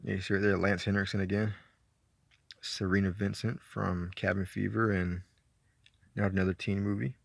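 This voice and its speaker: A man's voice: low-pitched, level tone, moderate pace, vocal fry, long pauses, no room sound, studio quality. A man with a Southern accent from Georgia, chatting casually and rambling through his movie collection, laid-back and a bit profane. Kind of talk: casual chat.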